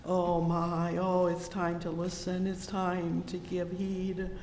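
A man preaching a sermon, slow and fervent, constantly breaking in with "oh yes" and "oh my". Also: completely flat delivery, darkish tone. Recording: echoey hall with low rumble.

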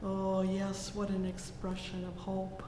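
Woman preacher, flat measured delivery, slow pace, fervent asides, roomy hall with faint noise. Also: medium pitch. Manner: fervent, many "oh, yes" interjections; reads scripture slowly and solemnly. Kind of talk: sermon with scripture reading.

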